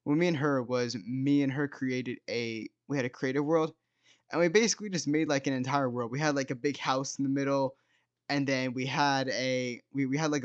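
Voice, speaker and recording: A young man in his late teens tells a casual storytime, rambling, self-mocking, and leaning on "like" and "dude". His voice sits at an everyday middle pitch. The recording sounds dry and a little dull and lo-fi. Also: clean tone, no room sound. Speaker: storytime video host.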